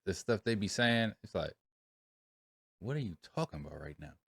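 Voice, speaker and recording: A man's voice: lowish voice, sing-song, moderate pace, gravelly, a bit bright, husky, dry recording. A man hosting a casual reaction chat, talking in a laid-back, slangy way. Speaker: host.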